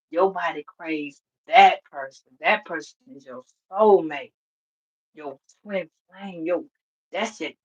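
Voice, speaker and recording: A woman giving a casual spiritual reading, blunt, profane and animated, laughing often. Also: fairly low pitch, breathy edge, muffled recording. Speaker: tarot reader.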